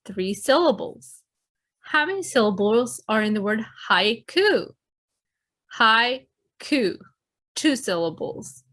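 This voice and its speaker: A woman teacher giving a recorded lesson to children, explaining clearly and addressing them directly. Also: mid-range voice, very animated, unhurried.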